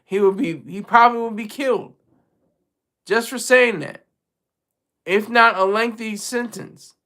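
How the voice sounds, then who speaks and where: High bright-voiced man, animated chat. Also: unhurried. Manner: animated, repeats and restarts phrases. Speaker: streamer host. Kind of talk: casual live commentary.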